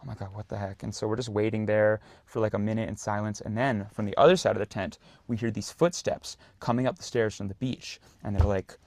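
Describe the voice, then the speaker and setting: A young adult man, a podcast guest telling a story in a loose, animated way. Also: lowish voice, brisk, few pauses, dry recording. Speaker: guest, actor and singer. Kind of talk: casual storytelling in a podcast interview.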